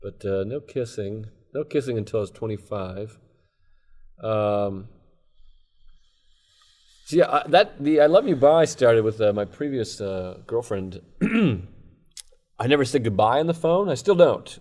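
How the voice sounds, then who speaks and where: A male comedian chats as a podcast guest, rambling and candid, with plenty of self-deprecating asides. His pitch sits at an ordinary middle height, and his delivery is loose and unscripted. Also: expressive, unhurried, pauses often, darkish tone. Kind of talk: casual podcast chat. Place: comedy club.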